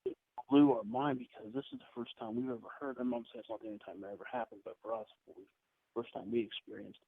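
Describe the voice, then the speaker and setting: A man telling rambling ghost-hunting anecdotes as a podcast guest, with quick asides. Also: mid-range voice, very animated, creaky, breathy edge. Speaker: podcast guest, paranormal investigator. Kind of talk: casual storytelling interview. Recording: tinny phone-like line.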